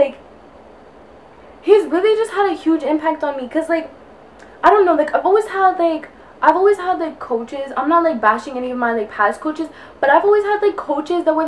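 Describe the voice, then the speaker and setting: High-voiced young woman chatting to camera while getting ready, out of breath, says like every other word, faint room hiss. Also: animated, moderate pace. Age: young adult. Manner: rambling, says like constantly. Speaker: vlogger. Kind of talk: casual chat to camera. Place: indoors at home, getting ready.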